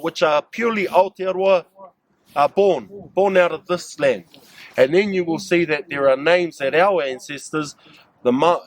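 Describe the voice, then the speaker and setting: New Zealand man guiding a group outdoors. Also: fairly high pitch. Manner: engaging, asks the group questions. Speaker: cultural guide leading staff. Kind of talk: outdoor cultural site talk to a group.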